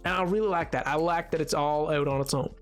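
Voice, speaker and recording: A rambling, excitable streamer chatting live while building in a game, greeting chat and talking over themselves with frequent false starts. Now and then they slip into a joking put-on accent. Faint music plays underneath. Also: mid-range voice, quick pace. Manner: rambling and excitable, reading chat aloud with many restarts; sometimes puts on a joking accent.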